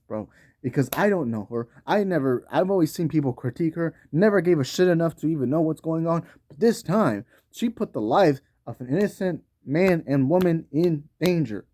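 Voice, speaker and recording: Ranting, cursing man with a higher voice. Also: mellow, no room sound, studio quality. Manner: profane, ranting, slangy. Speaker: YouTube commentator. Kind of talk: heated commentary rant.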